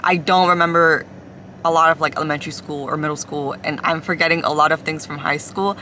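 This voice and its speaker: A woman's voice: low voice, fairly even intonation, a little fast, pushed and bright, slight background noise. A young woman from Ecuador and the US, confiding in a rambling casual chat to a phone camera inside a car, full of "like" fillers. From Ecuador, then the US. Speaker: vlogger.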